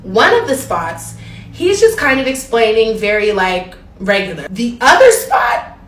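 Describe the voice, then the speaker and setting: A young woman recounts a trip gone wrong in a casual storytime, gossipy and lively, talking right to her audience. Her voice sits a little high. The sound is roomy and distant, as if the mic is across the room. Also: unhurried. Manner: animated, gossipy, addresses viewers directly.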